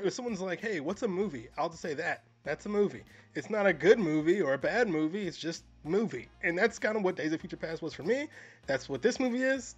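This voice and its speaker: A man co-hosting a film review podcast, chatting casually in a dry, deadpan, long-winded way. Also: sits high. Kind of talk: casual chat. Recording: dull lo-fi audio.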